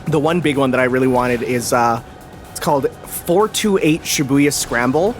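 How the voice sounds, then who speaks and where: A man's voice: mid-range voice, normal speed, soft background music. A young man chatting enthusiastically while commentating a video game, with lots of fillers. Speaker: host. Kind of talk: casual gameplay commentary.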